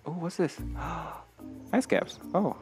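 Music plays behind a young man whose gravelly voice sits high and moves slowly as he commentates his own gameplay. A nervous, jumpy gamer streamer, he talks to himself in this let's play, frequently gasping and laughing.

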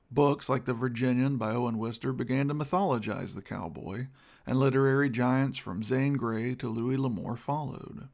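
A man delivering a scripted history lecture in a measured, rhetorical way, posing questions to his listeners. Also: mid-range voice, gravelly. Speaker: speaker giving a history talk.

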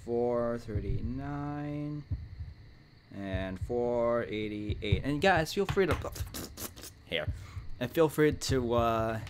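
A man's voice: lowish voice, a little hiss or hum. A young man in a let's play horror game commentary, jumpy, talking back to the monster, with nervous laughs and sudden yelps. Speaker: gaming channel host.

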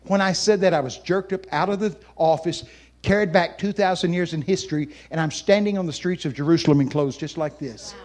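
An older man, preaching in a folksy way and telling stories, then speaking quietly and personally to people. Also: fairly high pitch, fairly quick. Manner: folksy, animated storyteller who then talks softly and personally to listeners. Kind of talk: folksy sermon storytelling.

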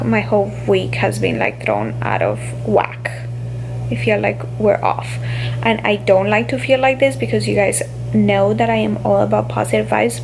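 A young woman, a stay-at-home mom vlogging, speaking haltingly and on the verge of tears in an emotional confessional. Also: medium pitch, gravelly, background noise. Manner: tearful, halting, many fillers.

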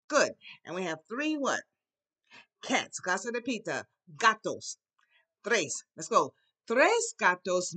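A woman teaching a Spanish class to young children, leading songs and call-and-response in a lively, sing-song way. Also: mid-range voice, measured pace, husky. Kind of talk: children's language lesson.

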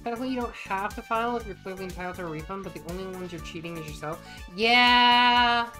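A woman streaming a farming game and chatting casually, playful and quick to swear, often talking to the game's characters. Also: lowish voice, fairly even intonation, fairly bright tone, faint music behind. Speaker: vtuber streamer. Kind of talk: casual chat while playing a farming game.

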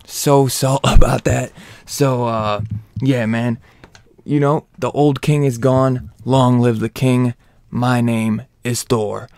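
A man's voice: medium pitch, fairly even intonation, takes it slowly, darkish tone, dry recording. A man giving a casual comic book spoiler review, slangy and profane, hyped up and rambling with lots of restarts.

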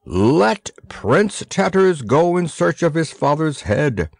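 A man reading aloud, voicing a pompous old male village wise man who speaks in solemn, self-important pronouncements, pitched a little above his own voice. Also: sing-song, slow pace, gravelly, no echo, full character voice.

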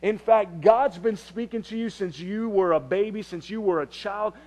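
A man preaching a sermon in a conversational way, often repeating phrases and restarting, and dropping to a hush for quiet passages. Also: high voice, moderate pace. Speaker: pastor.

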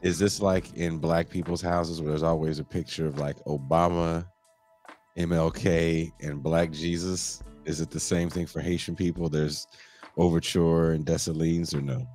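A man's voice: low-pitched, flat delivery, normal speed, a little mellow, soft background music. A man hosting a podcast over a video call, joking and teasing in casual chat, sounding a bit congested. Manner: playful, teasing, laughs often. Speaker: podcast host.

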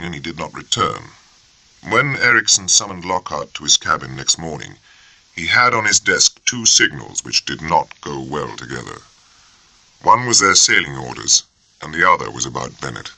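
Very deep, gravelly male narrator. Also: no echo, rough recording. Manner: measured, expressive storytelling. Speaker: audiobook narrator. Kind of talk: scripted narration.

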